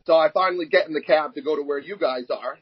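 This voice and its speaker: A man in his younger years, speaking in a fairly high, husky voice that sounds dull and lo-fi. He tells candid stories as an interview guest and slips into the voices of the people in them. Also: fast. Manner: animated, acts out quoted dialogue. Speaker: interview guest, arm wrestler. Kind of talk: candid personal storytelling.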